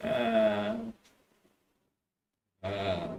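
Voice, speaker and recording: A man's voice: sits low, wildly swooping pitch, very slow, vocal fry, a little mellow, lo-fi sound. An Australian man in a rambling casual monologue, swearing a lot and laughing between phrases. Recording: echoey room, voice far from mic.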